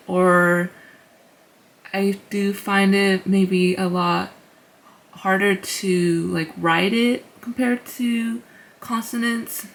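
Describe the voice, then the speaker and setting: A woman casually teaching beginners, slow and patient, repeating each sound and using many fillers. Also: medium pitch, fairly bright tone. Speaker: language teacher. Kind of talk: casual tutorial.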